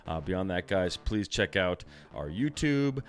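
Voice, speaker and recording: A man hosting a hunting podcast, talking casually and warmly, calling his guest brother and man. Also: sits low, big pitch swings. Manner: friendly, fast, calls guest brother and man. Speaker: podcast host.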